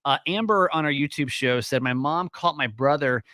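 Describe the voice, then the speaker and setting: A man's voice: on the high side, moderate pace, no echo, studio quality. A man hosting a casual talk show, speaking with a Southern American accent and acting out quoted lines in playful voices. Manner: animated storyteller, acts out quotes in funny voices. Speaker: podcast host. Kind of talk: casual chat.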